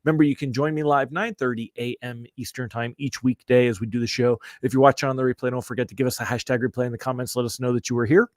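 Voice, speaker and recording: A man's voice: mid-range voice, fairly even intonation, quick pace, few pauses, no echo, clean studio sound. A man hosting a daily live-streamed mortgage rate update, chatty and upbeat, greeting viewers by name, slightly stuffy from allergies.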